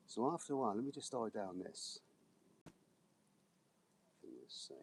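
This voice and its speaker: A man's voice: on the low side, moderate pace, distant mic, rough recording. A man rambling jokily through a meandering outdoor monologue, often restarting his sentences, recorded beside a river. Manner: joking, meandering, with frequent restarts. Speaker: vlogger. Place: outdoors by a river, feet in the water. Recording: outdoor recording with running water noise. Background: running water.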